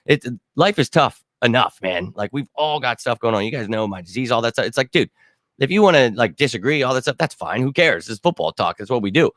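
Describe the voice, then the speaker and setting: A man's voice: medium pitch, expressive, a little fast, fairly bright tone, dry recording. A man hosting a casual sports talk livestream, ranting in an exasperated tone and talking to his chat. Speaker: host of a sports talk show.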